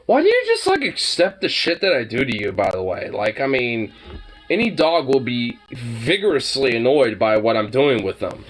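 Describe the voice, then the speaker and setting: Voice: mid-range voice, big pitch swings, normal speed, faint music behind, rough recording. A dog owner chatting casually to their pet dog, teasing it playfully in baby talk with swearing and laughter.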